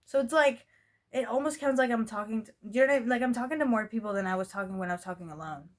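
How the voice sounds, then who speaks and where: A woman's voice: fairly high pitch, fast talker. A young woman talking straight to her camera in a casual vlog. She rambles, restarts her sentences and keeps filling the gaps with "like" and "you know what I mean". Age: young adult. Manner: rambling, talkative, many fillers and restarts. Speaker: vlogger. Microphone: camera mic.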